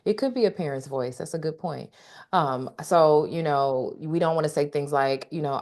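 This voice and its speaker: Emphatic low-voiced woman coaching an audience. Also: normal speed, darkish tone. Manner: emphatic, repeats key phrases, checks in with "okay?"; talks directly to the audience. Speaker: workshop speaker. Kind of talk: live online coaching session.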